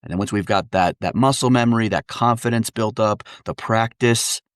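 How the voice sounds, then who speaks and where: A man's voice: lowish voice, moderate pace, smooth, dry recording, studio quality. A man, an actor and dialect coach, chatting as a podcast guest in an upbeat way, laughing often and explaining with examples. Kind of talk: casual interview chat.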